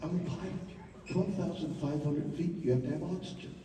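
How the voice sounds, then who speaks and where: A man giving a theatrical live monologue, swinging from hushed murmurs to loud outbursts, with halting repetitions. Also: on the high side, slight background noise. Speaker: stage performer telling a personal story. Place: large theater. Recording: echoey hall, mic far off.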